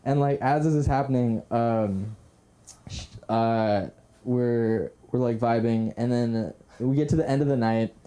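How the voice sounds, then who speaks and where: A man's voice: mid-range voice, fairly even intonation, a little slow, warm tone. A young man telling a self-deprecating story at an open mic, rambling with many fillers and restarts. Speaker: stand-up comedian at open mic. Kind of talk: stand-up storytelling. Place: comedy club stage.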